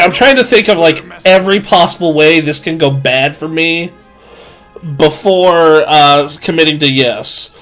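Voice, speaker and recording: A man's voice: on the high side, fairly bright tone. A man in his twenties telling a crude, self-mocking story on a live stream, full of fillers and rambling asides.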